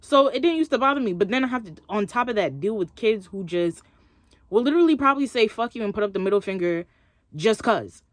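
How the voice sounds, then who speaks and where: A woman's voice: mid-range voice, lively intonation, fast talker, no room sound. A young woman vlogging, chatting expressively as she tells a story and acts out what others said. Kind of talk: casual storytelling to camera.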